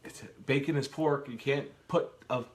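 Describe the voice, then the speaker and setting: Steady in tone, mid-range in pitch, and moderate in pace, a man co-hosts a live Q and A from his kitchen at home. He's casual and rambling, joking, then losing the thread and restarting.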